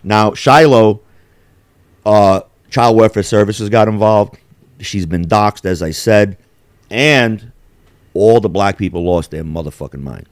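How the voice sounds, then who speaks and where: A man's voice: fairly low pitch, unhurried, dry recording. Profane ranting male host. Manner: profane ranting, loud swings in emphasis. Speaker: podcast host. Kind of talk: casual heated chat.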